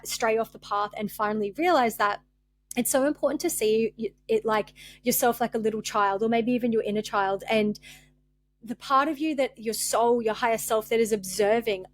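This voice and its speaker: Young female podcast host, raw and near tears, rambling heartfelt delivery with a higher voice and a close, dry sound. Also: no room sound. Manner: rambling, open-hearted, frequent fillers and restarts. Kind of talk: candid spiritual podcast monologue.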